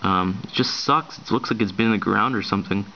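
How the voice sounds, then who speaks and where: A man casually showing off his coin finds in a vlog, talking in a hesitant, rushed way with lots of ums and restarts. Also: lowish voice, gravelly, pushed and bright, highs cut off, a little hiss or hum. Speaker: coin collector vlogger. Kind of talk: casual show-and-tell vlog.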